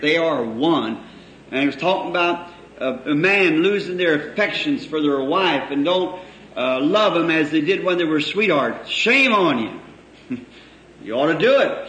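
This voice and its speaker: A man's voice: on the high side, a bit bright. A man preaching a sermon in a folksy, storytelling way, drawing out phrases for emphasis and chuckling between lines. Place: church hall before a congregation. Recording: echoey old hall recording with faint hiss.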